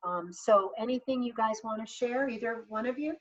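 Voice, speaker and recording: A woman's voice: a little high, moderate pace, fairly bright tone, far from the mic, highs cut off. A woman leading a casual group conversation as an animal communicator, encouraging others, laughing often and repeating her words.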